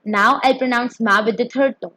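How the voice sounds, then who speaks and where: A woman's voice: a little high, fairly even intonation, moderate pace, a bit bright, no room sound, poor audio. A woman teaching a beginner Mandarin pinyin lesson, explaining carefully and demonstrating each tone.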